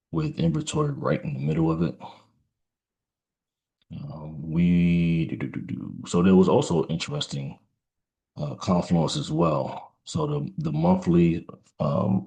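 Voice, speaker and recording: Male trader, very low gravelly voice, thinks aloud haltingly while watching the market, a bit tired. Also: a little mellow. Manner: halting, musing aloud with fillers and restarts. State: yawning, tired. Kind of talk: live trading commentary.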